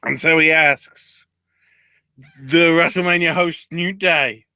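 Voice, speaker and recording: Man, podcast co-host, slow-talking, bright voice, dry close sound, excitable and swearing. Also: fairly high pitch, clear, resonant tone, no echo. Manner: excitable, profane, breaks into laughter and mock voices. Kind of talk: casual wrestling recap chat.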